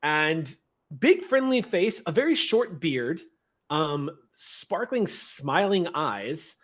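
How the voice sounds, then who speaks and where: Lively man narrating as game master. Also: a little high, slow. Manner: descriptive and playful, laughs often.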